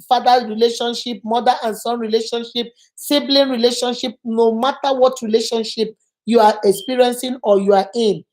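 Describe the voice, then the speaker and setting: A woman's voice: on the high side, a little mellow. Earnest middle-aged woman hosting. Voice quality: earnest, emphatic, repeats for stress. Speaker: channel host. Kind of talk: casual advice talk.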